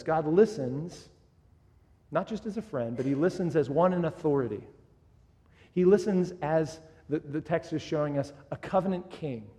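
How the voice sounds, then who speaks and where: A man's voice: on the high side, warm tone. A man preaching a sermon in an earnest, teaching way, often restarting his phrases. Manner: earnest, with frequent restarts and "kind of". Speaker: pastor. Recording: echoey hall.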